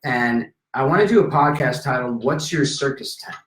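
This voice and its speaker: A man in casual conversation telling a story with lively energy, acting out the people in it. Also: mid-range voice, moderate pace. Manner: animated, acts out voices in anecdotes. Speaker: podcast guest. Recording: roomy echo.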